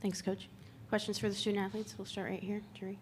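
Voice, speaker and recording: A woman moderating a press conference with brisk, businesslike announcements. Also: medium pitch, flat delivery, a little hiss or hum. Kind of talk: moderating questions.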